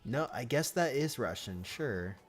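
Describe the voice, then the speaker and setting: A man hosts a live stream in a loose, chatty way, reacting out loud and greeting viewers by name. His voice swings up and down with lots of life, yet he talks at a slow, drawn-out pace. Faint music plays underneath. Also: mid-range voice, lively intonation. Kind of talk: casual live-stream chat.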